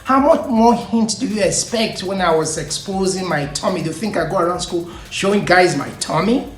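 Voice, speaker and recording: A woman's voice: fairly low pitch, normal speed, pitched above the performer's own voice, natural voice. A man voicing a teasing young woman. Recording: echoey room, faint music.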